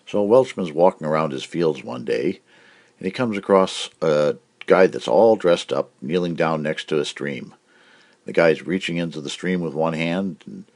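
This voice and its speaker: A man with a low, somewhat dark voice hosts a cartoon comedy show. He tells jokes in a brash, punchy style, slipping into put-on voices for his comedy monologue.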